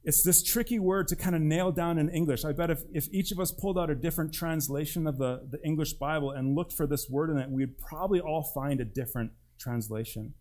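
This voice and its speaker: A man's voice: fairly high pitch, fairly quick, hardly any pauses, a little mellow. A man preaching a sermon as pastor, with an emphatic delivery that swings between rising and dropping.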